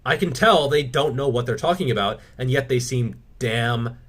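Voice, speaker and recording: A man's voice: mid-range voice, moderate pace, fairly bright tone. Male fitness host, casual Q&A delivery, blunt and opinionated, swears freely. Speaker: fitness channel host answering viewer questions. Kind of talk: casual Q&A monologue.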